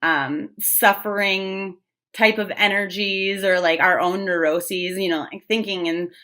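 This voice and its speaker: A woman's voice: mid-range voice, fairly even intonation, unhurried, sharp tone. Woman, casual tarot reader: chatty, blunt, filler-heavy delivery. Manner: chatty, frank, with fillers and swearing.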